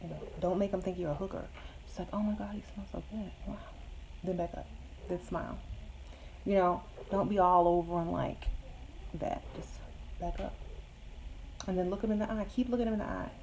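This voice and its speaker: Woman, gravelly voice, warm dark tone, blunt sassy dating advice, casual vlog chat. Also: on the low side, a little fast, long pauses, slight background noise, low-quality recording. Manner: blunt, sassy, joking asides. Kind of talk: casual advice chat answering viewer questions.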